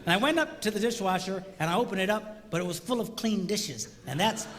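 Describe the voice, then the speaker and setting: A man's voice: sits high, a little fast, background noise. A middle-aged man giving a comedic talk on marriage to a live audience, acting out voices and bantering with the crowd. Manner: animated, acts out voices, jokes with crowd. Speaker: speaker on marriage. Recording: hall reverb with faint ambience.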